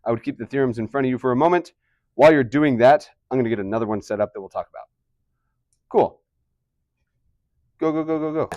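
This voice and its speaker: A man's voice: medium pitch, quick pace, darkish tone, no room sound, lo-fi sound. Male teacher, mid voice, dry room, chatty and questioning. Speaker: math teacher. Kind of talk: classroom lesson. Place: classroom.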